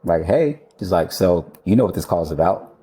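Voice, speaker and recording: A man, an architect and podcast guest, telling a candid, animated story in casual conversation and now and then swearing. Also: low-pitched, fairly quick.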